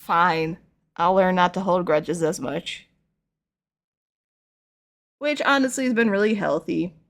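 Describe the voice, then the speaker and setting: With a lowish voice and an unhurried pace, a young woman paints figures on stream and chats casually. She rambles playfully from story to story, telling them in an animated way.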